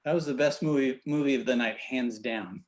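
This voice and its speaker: A man co-hosting with deadpan pun jokes. He talks in a halting way, full of small pauses. His voice is mid-pitched and plain. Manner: deadpan punning, halting delivery. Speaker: co-host. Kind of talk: comedic banter.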